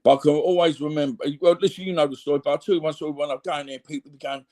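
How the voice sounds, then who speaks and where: A man's voice: fairly high pitch, fairly even intonation, racing, darkish tone. Rambling Cockney man, candid talk. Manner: rambling, frequent "you know what I mean" asides. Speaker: interview guest. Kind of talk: candid reflective conversation.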